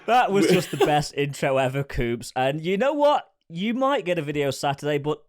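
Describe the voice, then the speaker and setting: British male co-host, very animated, higher voice, dry close mic. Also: normal speed, no echo. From Britain. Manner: lively, laughs easily. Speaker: podcast co-host. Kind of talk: casual banter on a call.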